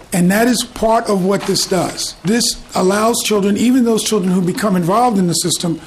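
Middle-aged man, high voice, measured and courteous presenter, table mic, faint hum. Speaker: invited presenter, program team leader. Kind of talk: formal testimony. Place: legislative committee hearing room.

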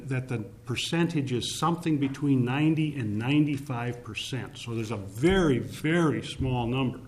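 A man giving formal testimony to a legislative committee, speaking deliberately and emphatically, stressing key words, with frequent "uh" fillers. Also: medium pitch, a little mellow.

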